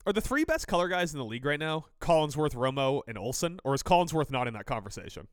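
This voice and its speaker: A man co-hosting a casual sports podcast, his fairly high voice swinging widely as he argues his takes. He sounds opinionated and quick to tease. The recording is dry and close. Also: big pitch swings, clean tone, no echo. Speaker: podcast co-host.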